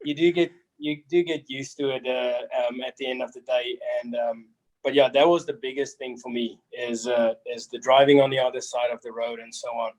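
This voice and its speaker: A young man, answering interview questions in an easygoing, halting way. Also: medium pitch, fairly even intonation, darkish tone, poor audio. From South Africa. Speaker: rugby player guest.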